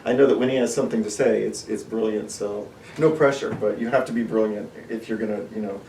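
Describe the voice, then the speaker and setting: Male podcast host, rambling and self-deprecating, quick to laugh; roomy studio sound, mic set back, faint hum of ambience. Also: fairly low pitch, steady tone, a little mellow, far from the mic. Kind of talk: casual chat.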